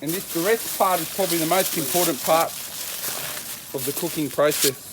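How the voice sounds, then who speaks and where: A man's voice: a little high, normal speed, noisy background. A middle-aged Australian man, a chef, giving an enthusiastic casual cooking demonstration in his backyard and repeating his catchphrases. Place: backyard at home beside a smoker.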